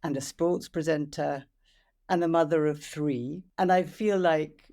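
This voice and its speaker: A woman hosting a podcast interview, asking gentle, reflective questions. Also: deep voice, steady tone, measured pace. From England. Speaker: podcast host.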